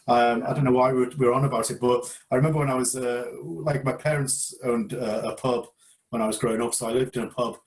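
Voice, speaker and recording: Over a beer, an English karate instructor tells a story in a casual chat. His medium-pitched voice is fairly even and fast, and he sounds reflective and hesitant, repeating words.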